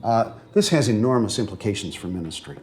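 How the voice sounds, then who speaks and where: A man's voice: lowish voice, very animated, fairly quick, darkish tone, a little hiss or hum. A man lecturing as a seminary professor in a classroom, earnest and at times emotional, often checking whether his students follow. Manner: earnest, grows emotional on moving points; frequent fillers and restarts.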